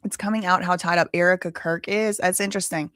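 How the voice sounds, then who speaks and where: A woman hosting a live stream, chatting casually and rambling to her viewers, and she sounds tired and low on energy. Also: fairly even intonation, fast talker, a bit bright, no echo, clean studio sound.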